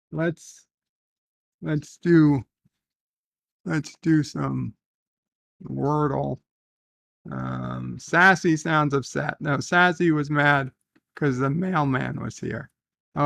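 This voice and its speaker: A man hosting a casual livestream from his bedroom, reading viewer comments aloud and thinking out loud as he goes. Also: a little high, creaky, dry recording. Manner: rambling, reads chat aloud, thinks out loud. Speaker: live stream host.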